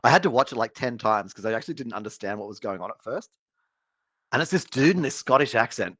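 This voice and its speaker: A man's voice: medium pitch, quick pace, dry recording. A man co-hosting a casual chat show, telling rambling stories and laughing often. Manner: rambling, laughing, animated storytelling. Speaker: podcast co-host.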